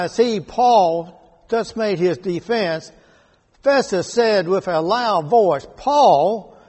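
A man leading a Bible study, reading verses and explaining them slowly and deliberately. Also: high voice, slightly rough. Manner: slow and deliberate, rereading scripture verses aloud. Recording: echoey hall with long reverb.

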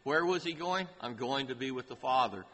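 A man preaching a sermon in a slow, deliberate way, lifting his voice to stress key phrases. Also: mid-range voice, animated, fairly bright tone. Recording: hall reverb with faint ambient noise.

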